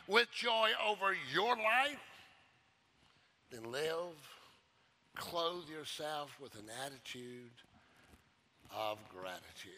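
A male pastor preaching a sermon, emphatic and repetitive, swinging from loud declarations to hushed low phrases.

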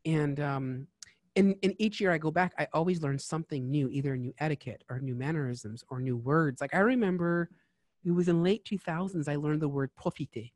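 A man's voice: a little high, a little fast, a little mellow, no room sound. Guy hosting a chat, rambly, drops into french a lot, dry sound. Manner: chatty and digressive, switching into French. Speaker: podcast host. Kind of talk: casual chat.

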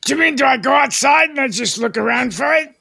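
A man voicing a dim-witted male customer who shouts and cannot follow instructions. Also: very high-pitched, lively intonation, creaky, breathy edge, no room sound, clean studio sound, full character voice. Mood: baffled. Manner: shouty, laughing, slow and dense. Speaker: confused customer.

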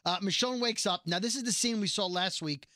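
A man hosting a casual podcast from a radio studio, telling stories in a lively, chatty way. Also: sits high, fairly quick, no echo. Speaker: radio morning-show host, podcast host.

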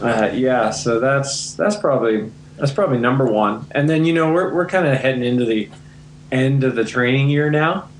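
Relaxed man on a roomy remote line. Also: medium pitch, normal speed, a little hiss or hum. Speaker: interview guest, endurance athlete. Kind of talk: interview answers.

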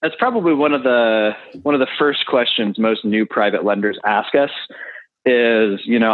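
A man with a mid-range voice speaks at a normal pace as an interview guest, casually walking through the figures of real estate deals with plenty of fillers. The sound is dry with no room echo, but it comes over a tinny phone line.

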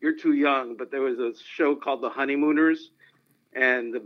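A man's voice: mid-range voice, steady tone, normal speed. A man telling anecdotes as a guest in an interview. He tells them animatedly and often laughs. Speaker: sportswriter guest. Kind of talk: phone-in interview storytelling. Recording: dull lo-fi line.

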